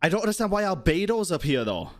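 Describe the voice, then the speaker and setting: A woman streaming a video game, reacting excitedly in casual chat, saying bro and dude and swearing. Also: lowish voice, fast talker.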